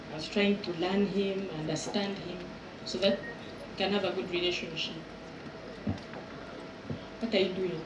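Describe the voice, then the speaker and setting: A woman in her thirties doing live stand-up crowd work as event host, teasing and exaggerating in an animated way. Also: fairly low pitch, background noise. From Uganda. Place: outdoor resort event with audience. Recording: echoey venue sound from far off.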